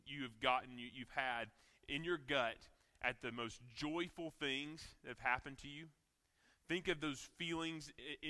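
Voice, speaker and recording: Southern male pastor, bright tense delivery, sermon in a reverberant church hall. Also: a little high. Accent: American Southern. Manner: earnest preaching with repeated phrases and restarts. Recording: long reverb of a large hall.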